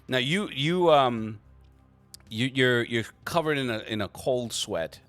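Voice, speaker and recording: A man narrating a tabletop game as game master, halting with frequent restarts. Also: medium pitch, animated, a bit bright, dry recording, faint music behind. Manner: halting, lots of restarts and fillers.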